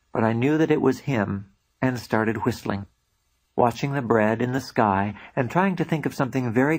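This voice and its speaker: A man narrates his own book in a reflective, first-person storytelling manner. His voice sits at an ordinary middle pitch for a man. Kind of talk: audiobook narration.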